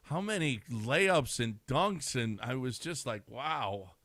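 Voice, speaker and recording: A male sports radio co-host with a mid-pitched, easygoing voice that often stops and restarts as he works out his thought. He is close on a studio mic in a dry room. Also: lively intonation, unhurried, fairly bright tone, no room sound. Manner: conversational, chuckling, breaks off and restarts. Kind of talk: casual sports talk.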